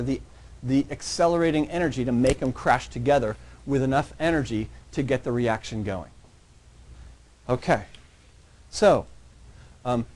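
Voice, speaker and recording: Higher-pitched man lecturing a class. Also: darkish tone, a little hiss or hum. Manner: checks in constantly with "yeah?" and "right?"; conversational, joking with students. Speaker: college microbiology instructor.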